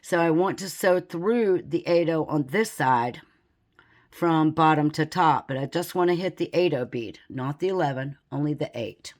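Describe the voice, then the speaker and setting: A woman with a low, deep speaking voice walks through a beading tutorial at an unhurried pace. She stays calm and methodical, counting beads aloud and describing each stitch as she goes. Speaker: beading instructor. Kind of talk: step-by-step craft tutorial.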